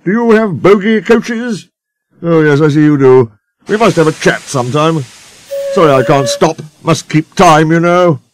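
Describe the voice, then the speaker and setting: A man's voice: a little high, lively intonation, normal speed, voice pushed up, natural voice. A man voicing a haughty, sulky male engine who snorts and grumbles. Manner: snorting, lofty and rebellious.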